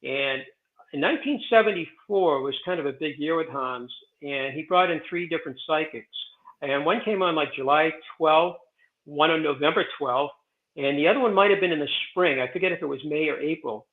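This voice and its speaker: Calling in over what sounds like a tinny phone line, the president of a historic stone site, a man in his sixties, wanders through casual interview stories at a normal speed. His voice is a touch high, and he digresses often, full of fillers and false starts.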